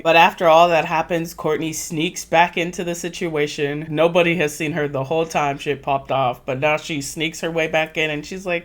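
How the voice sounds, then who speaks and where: A woman's voice: sits low, normal speed, few pauses. A woman giving a sassy, casual recap of a reality show, slipping into the voices of the people she quotes.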